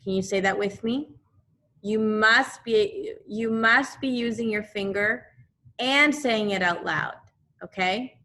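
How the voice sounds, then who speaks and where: Slow, bright-voiced woman teaching young children. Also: medium pitch. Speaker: second grade teacher. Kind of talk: remote class lesson.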